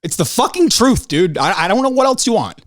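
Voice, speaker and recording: A podcast host who talks in a lively, swooping way, his voice a bit higher than most men's. He rants, swears freely and climbs sharply in pitch when he gets fired up. The sound is dry and close, with no room in it. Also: fairly quick, no echo. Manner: animated, ranting and profane, voice jumping high when worked up. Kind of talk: casual solo podcast monologue.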